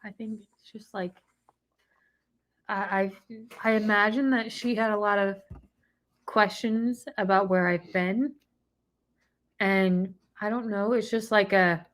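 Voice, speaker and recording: A woman telling a personal story in casual chat, soft-spoken and hesitant, searching for words. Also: mid-range voice, fairly even intonation, takes it slowly, pauses often. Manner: soft, hesitant, many fillers and restarts. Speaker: co-host recounting a personal experience.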